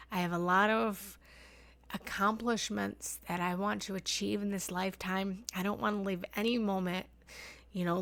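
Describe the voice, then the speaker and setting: A woman's voice: medium pitch, vocal fry, fairly bright tone, no echo. A woman in her thirties, a meditation teacher sharing heartfelt personal reflections in a live online session, talking in flowing, repeated phrases.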